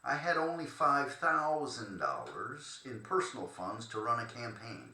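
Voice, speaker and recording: A man's voice: mid-range voice, sing-song, measured pace, bright, forceful tone, reverberant, poor audio. A man reading his memoir aloud in a loose, chatty way, stopping to joke and fumble between passages. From Cleveland, Ohio. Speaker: termite treatment contractor telling his story.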